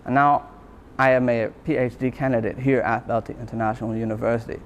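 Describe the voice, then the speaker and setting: A man's voice: mid-range voice, level tone, quick pace, slight background noise. A man, a university lecturer, giving a motivational talk and telling his own story in an earnest, reflective way, repeating phrases for emphasis.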